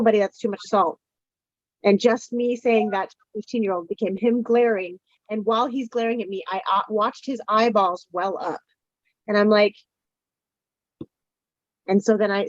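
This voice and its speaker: A woman's voice: medium pitch, no room sound. Candid woman who swears freely; muffled, dry call audio. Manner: frank, swears freely, acts out quotes. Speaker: client in a coaching session. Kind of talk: candid casual talk. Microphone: video call.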